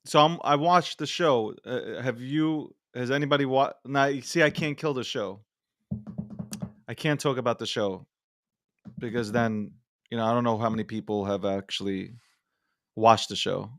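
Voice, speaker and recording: A man hosting a casual podcast, telling stories in an animated, profane, laughing way. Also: medium pitch, normal speed, dry recording, clean studio sound. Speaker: host.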